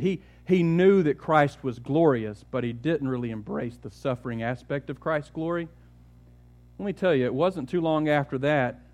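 A man's voice: mid-range voice, darkish tone. A man pastor preaching a sermon, telling the story with rhetorical questions and often repeating words.

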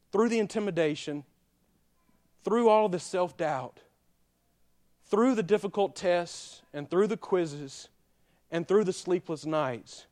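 A man, preaching a sermon that moves between quiet personal confession and loud, emphatic exhortation. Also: sits high. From Alabama. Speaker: pastor.

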